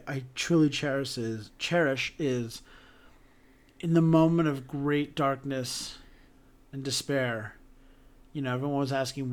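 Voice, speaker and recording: A man co-hosting a podcast, talking about theater in an animated, emotional way with lots of restarts. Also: medium pitch. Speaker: podcast co-host.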